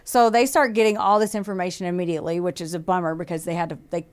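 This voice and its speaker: Hosting a podcast, a woman with a lowish, clear, resonant voice talks at a quick pace in a steady tone. She recounts a true-crime story casually and chattily, cursing freely, performing the quotes, and laughing a lot.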